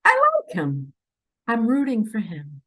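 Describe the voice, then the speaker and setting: A woman giving an impassioned monologue, swinging between loud pleas and hushed asides. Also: medium pitch, very animated, a little slow. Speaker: self-described spiritual messenger. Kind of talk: emotional monologue to camera.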